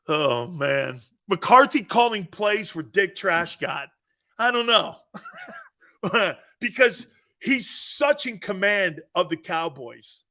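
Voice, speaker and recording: A man hosting a sports talk show, loud and jokey, often breaking into laughter. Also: a little high.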